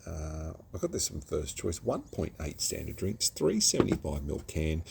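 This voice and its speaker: Casting: very deep, gravelly Australian bloke, lively delivery, chatty beer reviewer. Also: male voice, normal speed, a little hiss or hum. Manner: chatty, self-mocking, jumps between topics. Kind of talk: casual rambling vlog. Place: outdoors at home.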